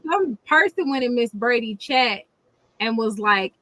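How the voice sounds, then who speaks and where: A woman hosting a casual livestream, telling stories in an animated way with lots of laughter and slang. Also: on the high side, unhurried, dry recording. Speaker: livestream host.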